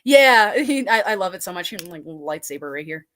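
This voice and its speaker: A woman's voice: fairly low pitch, animated, brisk, a bit bright. A woman guest, a haunt actor and burlesque performer, telling stories in casual chat, giggly and rambling, swearing freely.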